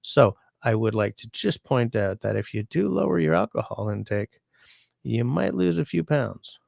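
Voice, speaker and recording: Gravelly-voiced sick man chatting on a livestream. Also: medium pitch, big pitch swings, normal speed, a little mellow, no echo, clean studio sound. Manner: rambling, chatty, easygoing. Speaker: livestream host. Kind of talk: casual livestream chat, reading viewer comments.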